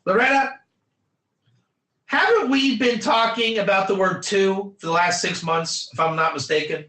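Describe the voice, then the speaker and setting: A man's voice: high-pitched, moderate pace, bright, forceful tone, echoey room. A man teaching a Torah class in an emphatic, repetitive lecture style, quizzing his students by name.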